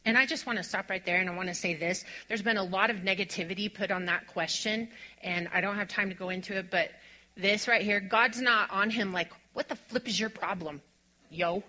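A woman preaching a sermon, reading scripture and explaining it, dropping to a hush and then building to emphatic high points. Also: fairly quick, slight background noise, low-quality recording. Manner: expressive, drops to a hush on quiet lines and rises to emphatic on strong ones.

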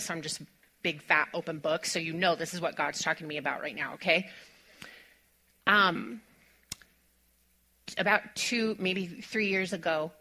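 A woman pastor preaching a sermon in a church, telling a personal story in an animated way. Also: on the low side. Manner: animated storytelling, laughing often, fast-talking asides. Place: church sanctuary.

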